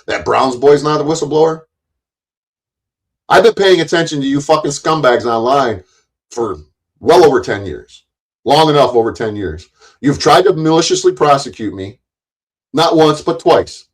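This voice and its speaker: A man's voice: fairly high pitch, expressive, moderate pace, pauses often, rough recording. A middle-aged man delivering an angry, profane rant to the camera as a YouTube commentator, taunting his targets, swearing heavily and stumbling over repeated words. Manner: confrontational, taunting, swears heavily, stammers on restarts.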